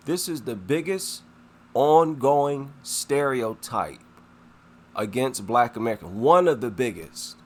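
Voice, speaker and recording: A man giving indignant reaction commentary on a clip, scornful and emphatic, repeating his points for weight. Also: mid-range voice. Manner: emphatic, repeats himself for effect.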